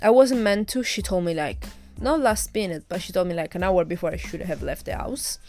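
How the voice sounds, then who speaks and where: A woman's voice: on the low side, a little fast, a little mellow, soft background music. A young woman hosting her own podcast, candidly retelling a bad experience in a casual, indignant way with some swearing. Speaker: podcast host. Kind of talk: casual storytelling monologue.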